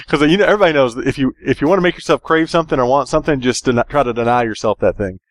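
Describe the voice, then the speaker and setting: Relaxed man, dry close sound. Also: medium pitch, fast, dry recording. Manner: relaxed, joking, rambling with fillers. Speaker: podcast co-host. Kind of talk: casual podcast chat.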